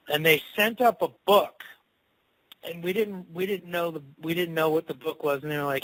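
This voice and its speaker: A man telling a rambling, animated story in a casual interview, swearing freely along the way. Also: fairly high pitch, moderate pace, pauses often, no room sound, rough recording. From Cleveland. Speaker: interviewed musician.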